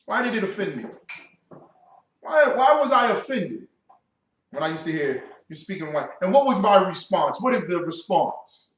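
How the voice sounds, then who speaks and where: A man's voice: a little high, lively intonation, a little fast. A man giving a classroom sermon as a religious teacher, preaching with lots of rhetorical questions. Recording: echoey room, distant mic.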